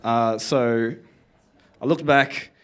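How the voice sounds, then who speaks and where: A young Australian man in his twenties from Canberra doing a deadpan open-mic stand-up set on a comedy club stage. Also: medium pitch, very slow, clean tone. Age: 20s. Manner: deadpan, drops into put-on voices for his dad.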